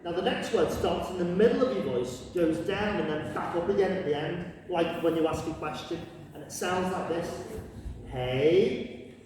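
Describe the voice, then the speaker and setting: High-voiced man teaching a family crowd. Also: brisk, hardly any pauses, a little hiss or hum. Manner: animated, exaggerated tones, playful teacherly. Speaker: workshop leader teaching Cantonese greetings. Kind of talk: lively lesson for children and families. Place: large gallery hall with crowd. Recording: echoey hall, recorded from far off. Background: crowd of listeners.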